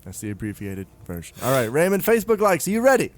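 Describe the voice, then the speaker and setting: A man's voice: medium pitch, wildly swooping pitch, fast talker, no room sound. A man co-hosting a comedy podcast in casual chat, playful and full of puns. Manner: goofy, punning, playful. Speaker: podcast co-host.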